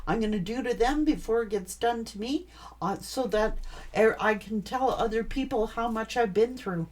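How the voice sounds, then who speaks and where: A woman's voice: a little high, normal speed, a little mellow, close to an everyday voice. A woman voicing a self-pitying, dramatic ex-lover who wails about their troubles. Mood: scheming. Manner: melodramatic, gasping, wailing.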